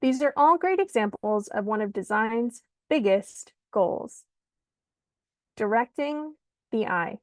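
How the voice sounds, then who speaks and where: A woman giving an online lesson on designing pitch slides, speaking clearly and emphatically like a teacher. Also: lively intonation, slow pace, no room sound. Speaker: pitch coach. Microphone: video call.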